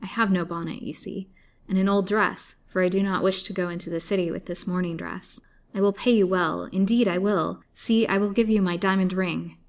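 A woman reading a storybook, voicing an exhausted, gentle young woman who pleads earnestly. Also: on the low side, fairly even intonation, moderate pace, natural voice. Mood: weary pleading.

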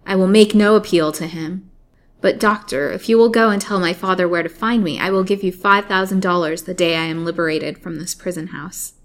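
A woman's voice: fairly low pitch, steady tone, brisk, lightly acted. A woman voicing a frightened young woman held captive, pleading and crying out in a storybook reading. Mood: indignant. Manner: imploring, rising to frantic outbursts.

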